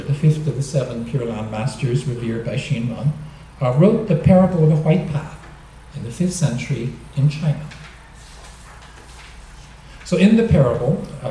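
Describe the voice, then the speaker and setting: A man giving a dharma talk, explaining gently and joking now and then, recorded in a temple hall. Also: medium pitch, slight background noise. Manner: gentle, explanatory, with light humor. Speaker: minister. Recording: echoey hall, mic at a distance.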